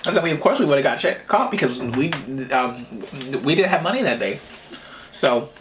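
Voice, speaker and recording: A man from New Jersey telling childhood stories in a casual mukbang vlog, often laughing and pausing to eat and drink. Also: fairly high pitch, big pitch swings, background noise. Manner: chatty, laughs often, eating while talking. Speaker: vlogger. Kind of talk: casual storytelling during a mukbang.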